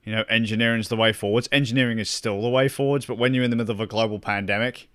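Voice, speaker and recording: A man's voice: lowish voice, steady tone, rapid-fire, fairly bright tone, clear, resonant tone. A young man chatting casually with his stream viewers, rambling, swearing a lot and laughing often. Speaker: gaming streamer.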